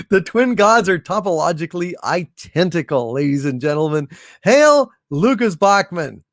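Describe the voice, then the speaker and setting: A man hosting a livestream, reading out viewer messages in a halting, sincere way with many pauses and repeats. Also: high-pitched, sing-song, no echo, clean studio sound. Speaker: livestream host reading super chats. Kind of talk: casual livestream chat.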